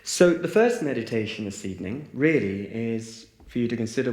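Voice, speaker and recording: A man's voice: on the low side, brisk, hardly any pauses, a little mellow. A man leading a reflective spiritual talk and group meditation for a live audience, with many fillers and restarts. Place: large hall with a live audience. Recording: roomy echo.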